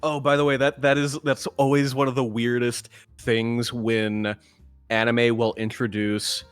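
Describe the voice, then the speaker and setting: A man with a mid-range voice hosts a relaxed hangout chat. He talks in an easygoing way and drops in joking asides. Faint music sits behind him. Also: medium pitch, unhurried, clear, resonant tone, no room sound. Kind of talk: casual chat.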